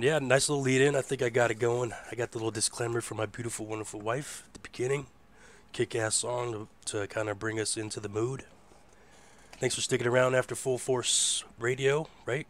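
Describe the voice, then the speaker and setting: A man hosting a casual live internet radio show. His voice is hoarse, and he rambles in a laid-back way and swears freely. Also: mid-range voice. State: hoarse from a rough voice. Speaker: host.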